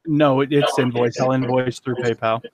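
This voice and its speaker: A Missouri antiques dealer in his forties chats in a laid-back, joking way as a guest on a live auction stream. He speaks at a moderate pace with a medium-pitched, level tone.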